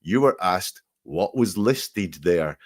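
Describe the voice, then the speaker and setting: Man dissecting word choices, lowish voice. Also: expressive, slow. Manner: reads quotes aloud, then picks apart word choice. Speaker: statement analysis expert. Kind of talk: analytical commentary.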